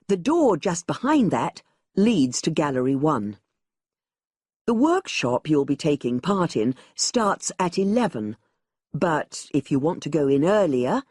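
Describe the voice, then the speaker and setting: Husky low-voiced woman giving directions. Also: darkish tone, no room sound, clean studio sound. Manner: clear, explanatory, giving directions. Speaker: museum staff member briefing new volunteers. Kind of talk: scripted exam listening recording.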